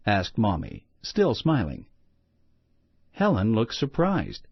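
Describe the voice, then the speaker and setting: A man reading a children's storybook aloud in a slow, expressive storytelling manner. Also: medium pitch, slightly rough, no echo. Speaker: storybook reader. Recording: muffled lo-fi recording.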